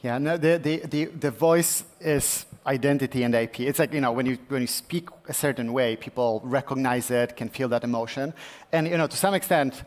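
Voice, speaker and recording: A man speaking as a tech company guest in a live interview at a summit, at a middling pitch. He talks earnestly but haltingly, stumbling over repeated words and fillers before his point lands. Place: conference stage at a summit.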